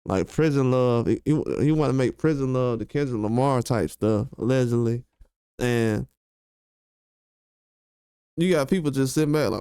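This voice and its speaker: A man's voice: mid-range voice, normal speed, pauses often, warm tone, clean tone, no room sound, studio quality. A man hosting a commentary video, ranting in a heated, slangy, emphatic way and repeating his points. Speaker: commentary channel host. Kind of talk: casual commentary rant.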